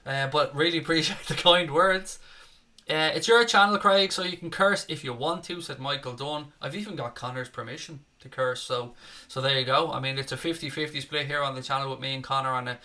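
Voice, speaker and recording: A man's voice: medium pitch, pushed and bright. A young man with a Dublin Irish accent chatting casually on a live football watchalong, reading viewer comments and swearing freely at his desk. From Ireland (Dublin). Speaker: fan channel co-host running a live match watchalong. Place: home room, at his desk. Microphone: desk setup with webcam.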